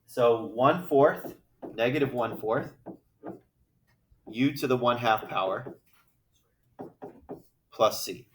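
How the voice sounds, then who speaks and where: A man's voice: medium pitch, slow pace, pauses often, a little hiss or hum. A man teaching a math class, working problems aloud in a chatty, joking way. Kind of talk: classroom lecture. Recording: echoey classroom from far off.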